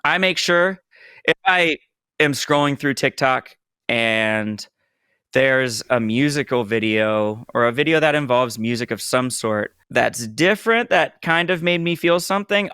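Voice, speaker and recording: A man's voice: medium pitch, moderate pace, smooth, no echo, clean studio sound. A man in his thirties co-hosting a podcast, chatting casually and telling stories with lots of "like". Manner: relaxed, storytelling with filler "like". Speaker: podcast co-host. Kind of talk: casual chat.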